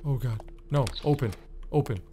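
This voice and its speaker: A man's voice: mid-range voice, moderate pace, noisy background. A young man commenting on a horror game he is playing, nervous and jumpy, swearing and joking to himself. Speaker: gaming YouTuber.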